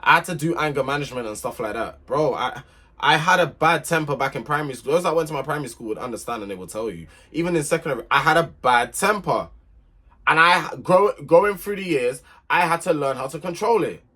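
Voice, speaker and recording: A man's voice: a little high, expressive, a little fast, pushed and bright, breathy edge. A young man telling a relationship story to camera in an emphatic, irritated rant, repeating himself to make his point. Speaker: vlogger.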